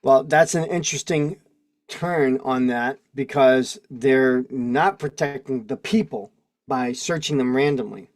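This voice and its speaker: A man's voice: medium pitch, measured pace, dry recording, clean studio sound. A man in his forties hosting a casual livestream, rambling and laughing as he reads legal text aloud and comments. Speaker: host. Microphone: video call mic.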